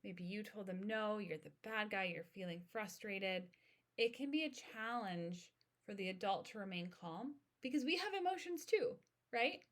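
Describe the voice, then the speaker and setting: A woman in her thirties talks through an educational podcast episode in a calm, steady voice. Her pitch sits in the middle range, and she explains ideas in an instructive way. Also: normal speed. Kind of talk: informational podcast monologue.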